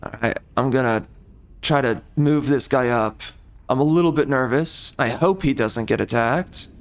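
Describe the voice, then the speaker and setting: A man's voice: medium pitch, moderate pace. A man giving casual gameplay commentary, rambling, profane and easily exasperated.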